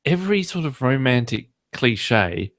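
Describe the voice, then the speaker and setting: An Australian man hosts a podcast in loose, casual chat. He jokes and goes off on rants at a middling pitch. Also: big pitch swings, unhurried, a bit bright. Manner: joking, ranting. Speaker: podcast host.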